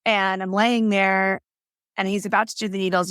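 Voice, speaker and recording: A woman's voice: medium pitch, flat delivery, normal speed, fairly bright tone, clear, resonant tone, dry recording, clean studio sound. A young adult woman guest on a podcast, telling her story in an earnest, casual way with frequent fillers. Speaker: podcast guest, holistic nutrition consultant. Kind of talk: casual interview conversation.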